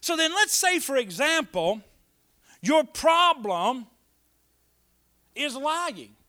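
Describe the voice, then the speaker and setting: A man preaching a sermon, calling on the congregation for amens and swinging between quiet asides and loud, emphatic lines. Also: extremely high pitch, sing-song, slow. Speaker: pastor.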